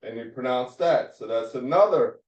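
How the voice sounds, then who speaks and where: A man teaching a Hebrew phonics lesson, slowly repeating and drilling each syllable. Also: mid-range voice, animated, a little mellow. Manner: slow, repetitive drilling of syllables. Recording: roomy, distant, dull lo-fi sound.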